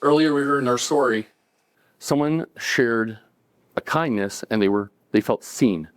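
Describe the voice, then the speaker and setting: Male storyteller, mid-pitched and casual, recorded close and dry on a cafe stage. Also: measured pace, no room sound. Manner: conversational, acting out dialogue, chuckling between lines. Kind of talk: live storytelling to an audience.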